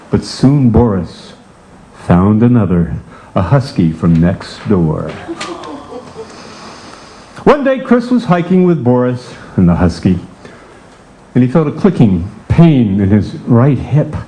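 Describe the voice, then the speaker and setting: A man's voice: mid-range voice, big pitch swings, takes it slowly, pauses often, warm tone. An older man reading his own comic story aloud with wry, theatrical narration. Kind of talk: comic storytelling to a live audience.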